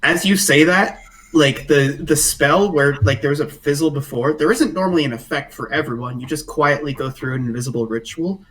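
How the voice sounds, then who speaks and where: A man narrates a tabletop game as game master, easygoing and full of little fillers. His voice sits a bit high for a man and sounds slightly away from the mic. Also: a little fast, recorded from a distance, low-quality recording. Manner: relaxed, filler-heavy narration.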